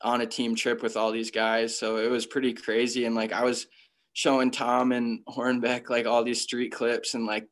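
In a measured, level delivery, a young Connecticut freeskier shares career stories as a casual interview guest. His voice is medium-pitched and fairly bright. He leans on laid-back slang and keeps saying "like" throughout. He is a professional from the USA.

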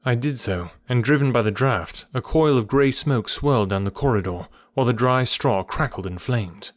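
Brief: male audiobook reader, mid-pitched, steady, very dry close sound. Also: normal speed, no room sound. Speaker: audiobook narrator. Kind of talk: scripted narration of a classic detective story.

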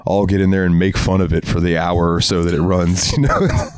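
A man's voice: deep voice, sing-song, brisk, a little mellow, smooth. A man co-hosting a podcast in casual chat, laid-back, laughing often. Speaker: podcast co-host.

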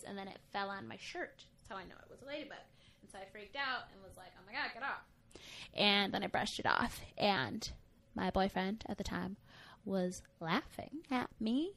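A woman in her twenties, co-hosting a podcast in casual chat, talking quickly with a lot of "like" and frequent laughs. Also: medium pitch, bright, forceful tone. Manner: chatty, laughing, many "like"s. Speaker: podcast co-host.

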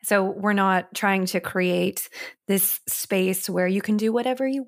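A woman's voice: mid-range voice, fairly even intonation, unhurried. A woman in her thirties, a mother co-hosting a parenting podcast, speaking earnestly in repeated, list-like phrases. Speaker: podcast co-host. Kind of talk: casual parenting podcast chat.

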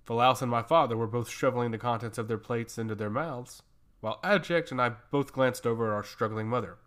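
A man's voice: medium pitch, a little fast, a bit bright. Man reading a fantasy story aloud. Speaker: narrator.

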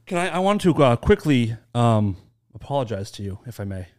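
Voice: mid-range voice, big pitch swings, brisk, darkish tone. A podcast co-host chatting playfully and casually, with casual swearing. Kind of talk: casual chat.

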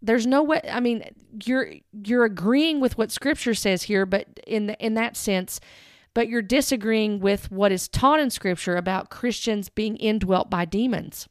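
A woman's voice: mid-range voice, unhurried, no echo, studio quality. A woman giving earnest, direct commentary, stressing key words as she talks it through. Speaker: Christian commentator. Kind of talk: earnest commentary with read-aloud quotes.

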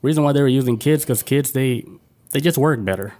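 A man's voice: medium pitch, fairly quick, a little mellow. A man co-hosting a podcast, talking loosely and profanely with lots of filler words. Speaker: podcast co-host. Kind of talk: casual chat.

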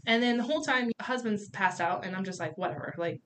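A woman guest on a casual podcast, telling a story in an animated way, swearing freely and acting out the people in it. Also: a little high, a little fast, noisy background.

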